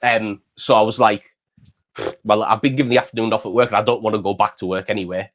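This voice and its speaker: Casting: man in his thirties, lowish voice, rambling casual storyteller. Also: steady tone, fast. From England. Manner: rambling, repeats words, says "mate" often. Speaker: channel host.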